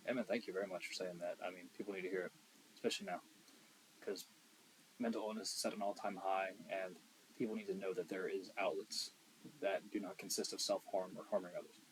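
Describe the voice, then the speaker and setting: A young man co-hosting a podcast in casual chat, blunt and profane, swinging between loud emphasis and quiet asides. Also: low-pitched, flat delivery, fairly quick, a little hiss or hum, poor audio. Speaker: podcast co-host.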